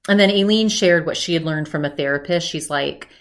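Female podcast host, lowish voice, loose and chatty, restarts sentences as she retells stories. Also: brisk. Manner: rambling, retells with many "he's like" quotes. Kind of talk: casual recap chat.

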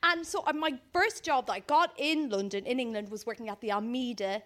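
A woman's voice: on the high side, brisk, a bit bright. A woman in her thirties telling a comic story as a guest, self-mocking and laughing as she goes. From Ireland. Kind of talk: comic anecdote on a live podcast.

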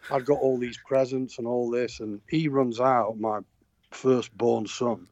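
A man's voice: medium pitch, fairly even intonation, measured pace, darkish tone, no room sound, highs cut off. A middle-aged man from Sheffield with a Yorkshire accent, a touring musician telling long rambling anecdotes full of fillers and restarts. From Sheffield, England. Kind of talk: anecdotal interview chat.

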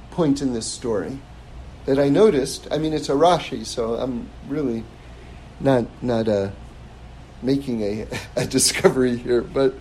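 A man teaching a scripture class in a lively, casual way, chuckling and repeating words as he thinks. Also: medium pitch, slight background noise, poor audio. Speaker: religious teacher.

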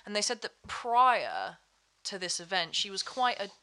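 A woman's voice: mid-range voice, big pitch swings, normal speed, bright, forceful tone. A woman chatting as a podcast guest, rambling with many fillers and restarts. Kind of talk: casual chat.

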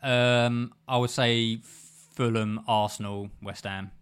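A man's voice: medium pitch, flat delivery, slow, a bit bright, clear, resonant tone. A young man co-hosting a football podcast in casual chat, teasing and laughing often. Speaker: podcast co-host.

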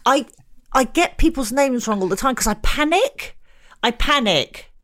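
A woman's voice: sits high, expressive, measured pace, fairly bright tone. A middle-aged woman co-hosting a podcast, chatting casually and mocking herself with frequent laughs. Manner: self-deprecating, chatty, laughs often. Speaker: podcast co-host. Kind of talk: casual chat.

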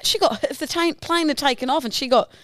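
A woman's voice: high voice, fast talker, fairly bright tone, no echo, clean studio sound. A woman co-hosting a casual podcast, teasing and mock-indignant. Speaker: podcast co-host. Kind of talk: casual banter.

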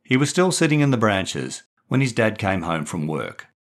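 A man reading his own children's short story aloud as author and narrator, in a measured, expressive way. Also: lowish voice.

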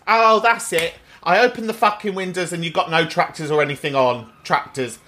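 A man's voice: on the high side, expressive, pushed and bright. A man hosting a podcast, talking in a sweary, camp, self-mocking comic monologue. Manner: sweary, camp, quick to laugh at himself. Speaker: podcast host.

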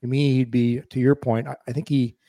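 A man's voice: mid-range voice, level tone, a little fast, mellow, no room sound, clean studio sound. A man in his fifties co-hosting a casual sports chat, rambling and restarting his sentences often. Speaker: podcast co-host.

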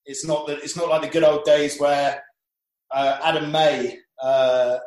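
A man's voice: fairly high pitch, little pitch movement, unhurried, a little mellow, roomy sound, low-quality recording. A man, a professional sailor, telling rambling anecdotes in casual chat, with frequent restarts.

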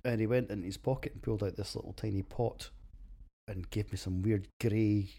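A man's voice: fairly low pitch, steady tone, normal speed, mellow. A Scottish man hosting a beer podcast, reading a casual, crude, self-mocking script and laughing at his own jokes.

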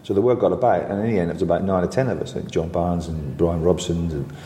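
A man's voice: low voice, quick pace, a little hiss or hum. A man in his sixties, a former footballer, telling anecdotes with chuckles and many restarts. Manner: chuckling, animated storyteller, full of restarts. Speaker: former footballer, interview guest. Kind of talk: anecdotal storytelling. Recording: roomy reverberant room sound.

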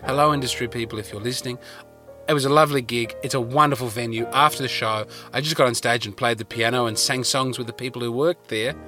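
A man with an Australian accent, a comedian hosting his podcast, telling rambling stories with wry, animated asides from inside a parked car. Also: mid-range voice, fast, over music. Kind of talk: casual comic storytelling. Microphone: podcast mic in a car.

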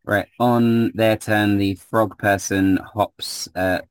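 Low-voiced game master, hesitant. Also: male voice, takes it slowly. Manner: relaxed, hesitant with many ums and uhs. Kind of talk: narrating a tabletop game.

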